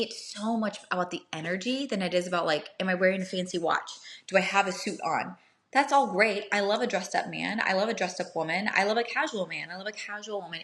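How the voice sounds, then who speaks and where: A woman's voice: medium pitch, fairly bright tone. A young woman hosting casual dating advice talk for a live audience, chatty, often checking in with "right?" and acting out short bits of dialogue.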